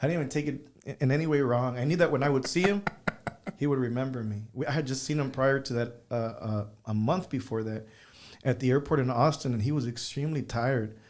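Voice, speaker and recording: Man telling lively stories as a guest. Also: mid-range voice, fairly quick. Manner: animated anecdotes with slips into Spanish phrases. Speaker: musician guest. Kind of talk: casual interview storytelling.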